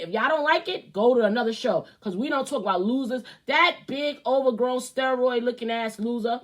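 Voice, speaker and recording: A woman with a high voice rants as a show host, cursing freely and talking bluntly. Her delivery is heated and opinionated, running from flat asides to loud outbursts. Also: normal speed, hardly any pauses. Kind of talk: ranting commentary.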